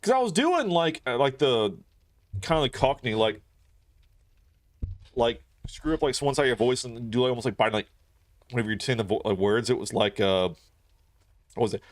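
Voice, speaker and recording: Streaming a video game, a man chats casually in a rambling, profane way full of fillers. His medium-pitched voice is animated and a little fast, broken by long pauses.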